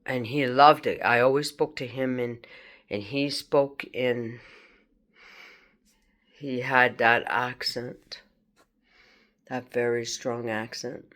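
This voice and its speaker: Slow, halting woman. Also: extremely low pitch, steady tone, a bit bright. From France. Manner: halting, rambling, confronting unseen hackers. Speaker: vlogger. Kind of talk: personal video monologue.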